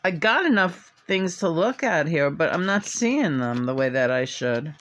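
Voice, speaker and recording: A man with a somewhat high voice chats playfully through a tarot reading. He rambles and hesitates, restarting his thoughts, and now and then breaks into a silly meowing sing-song. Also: sing-song, measured pace, fairly bright tone. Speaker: tarot reader. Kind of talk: casual rambling chat.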